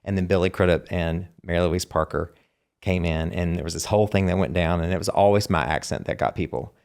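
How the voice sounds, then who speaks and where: A Southern US man, a singer-songwriter guest, rambles through long stories in a casual interview, animated and full of fillers. His voice sits low and is both gravelly and smooth, delivered fairly quickly.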